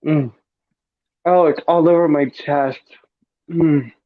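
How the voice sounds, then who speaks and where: A man's voice: a little high, measured pace, dry recording, narrow, tinny audio. Campy man demoing a recipe. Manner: campy, chatty, savoring each bite aloud. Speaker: drag performer cooking on a livestream. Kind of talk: casual cooking demonstration.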